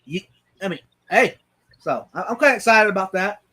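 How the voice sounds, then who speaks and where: A man hosts a casual live stream over a video call, his voice sitting notably high. He talks in halting starts, often repeating words, and reads viewer comments aloud. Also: animated, bright, forceful tone, husky.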